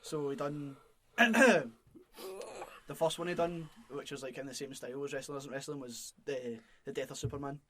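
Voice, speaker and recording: A man's voice: mid-range voice, normal speed, fairly bright tone, a little hiss or hum. A young Scottish man co-hosting a podcast, rambling in casual chat, laughing often and swearing. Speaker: podcast co-host.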